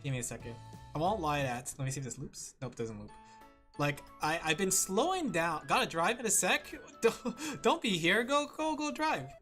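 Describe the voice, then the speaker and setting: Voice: mid-range voice, animated, moderate pace, fairly bright tone. A streamer chatting casually with viewers while drawing, rambling, laughing often and talking straight to the chat. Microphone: streaming microphone with headphones. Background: faint music.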